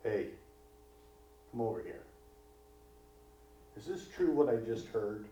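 A preacher voicing a stern master, distant and echoey. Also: male voice, lowish voice, lively intonation, slow, mellow, a little hiss or hum. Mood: indignant. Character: stern male master confronting his servant. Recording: distant, echoey, dull hall recording.

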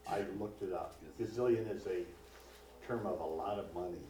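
A man's voice: low voice, moderate pace, warm tone, slight background noise. A male pastor preaching a sermon in a conversational way, full of rhetorical questions. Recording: distant, echoey, dull hall recording.

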